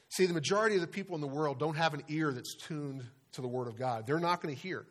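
A man's voice: on the high side, rapid-fire, few pauses, fairly bright tone. A middle-aged man preaching a sermon as pastor, earnest and conversational, weaving in personal stories.

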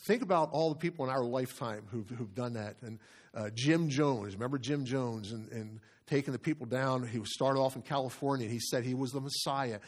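A man's voice: medium pitch, brisk. A man preaching a sermon as pastor, earnest and stressing phrases by repeating them.

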